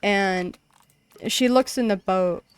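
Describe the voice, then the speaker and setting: A young woman with a medium-pitched, clean voice speaks slowly while streaming a game. She chats casually, rambling through a retelling of a tabletop session with plenty of fillers.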